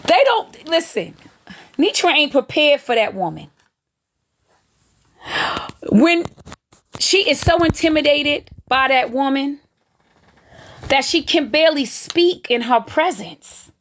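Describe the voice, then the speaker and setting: On a live stream she hosts, a woman with a high-pitched voice gleefully gossips about other streamers, speaking slowly with long pauses. There's a little hiss or hum, and her animated delivery drawls in Southern Black vernacular.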